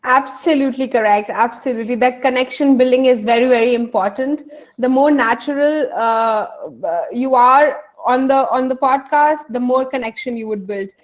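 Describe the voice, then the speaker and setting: A woman with a high voice moderates an online session. She affirms each speaker and repeats her phrases as she moves on to the next question. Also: moderate pace.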